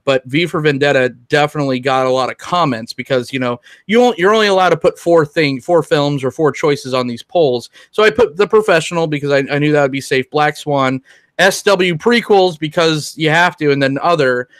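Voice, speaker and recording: A man's voice: on the high side, fairly bright tone, dry recording. A man co-hosting a casual podcast chat, rambling with many restarts. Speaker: podcast co-host.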